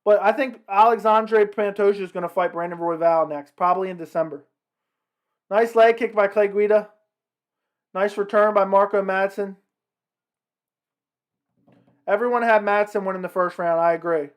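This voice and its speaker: A man's voice: high-pitched, normal speed. A man hosting a casual livestream, commenting on a fight and talking with his chat. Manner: chatty, reacting to the fight and the chat. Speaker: livestream host.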